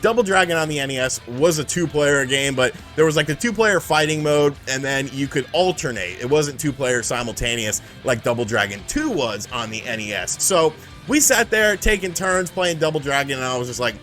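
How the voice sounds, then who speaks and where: Animated, profane man telling a story. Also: medium pitch, brisk, hardly any pauses, soft background music. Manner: profane, animated, acts out the people in his stories. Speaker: channel host. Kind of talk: casual storytelling about retro video games.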